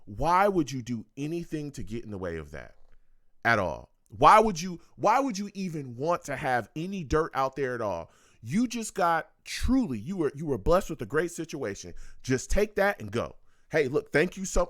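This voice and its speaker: A man's voice: a little high, very animated, normal speed, fairly bright tone, no echo, clean studio sound. A man hosting a reaction video, giving blunt and preachy commentary that repeats its points. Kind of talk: casual commentary.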